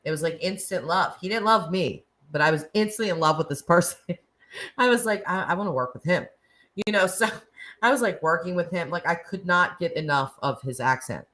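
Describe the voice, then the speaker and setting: A woman with a Northeastern American accent hosts a laid-back live chat. Her voice sits low for a woman. She rambles happily, full of "like," "you know" and little laughs. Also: animated, moderate pace, fairly bright tone. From Northeastern United States. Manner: chatty and rambling, frequent "like" and laughs. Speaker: host of live chat stream. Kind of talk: casual live-stream chat with viewers.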